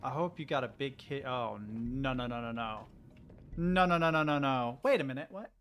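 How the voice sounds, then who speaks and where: A man's voice: medium pitch, normal speed, fairly bright tone, faint music behind. A young American man chatting casually to his stream while he plays a game. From United States. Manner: chatty, rambling, talks to chat. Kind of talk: casual gameplay commentary.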